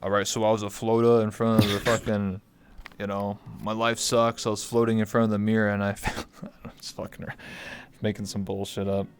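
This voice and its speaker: A man's voice: on the low side, little pitch movement, fairly quick. A man hosting a casual livestream interview, joking around with playful, swearing trash talk. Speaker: host.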